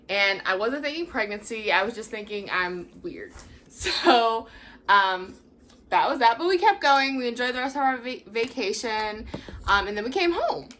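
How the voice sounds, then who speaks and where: A woman's voice: a little high, sharp tone, slight background noise. A young woman hosting a vlog, chatting casually and laughing often as she acts out what people said. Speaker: vlog host. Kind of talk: casual storytelling.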